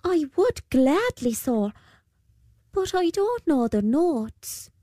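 A woman's voice: high voice, big pitch swings, takes it slowly, warm tone, no echo, clean studio sound, voice pushed up, full character voice. A woman voicing a plucky young piper boy in a spoken storybook, polite and eager.

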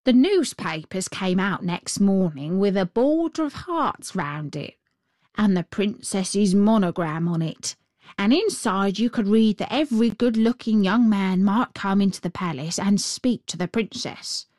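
A woman voicing a thoughtful, slow-spoken talking crow in a storybook reading, speaking in a deliberate way. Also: mid-range voice, lively intonation, darkish tone, no echo, clean studio sound, lightly acted. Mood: storytelling.

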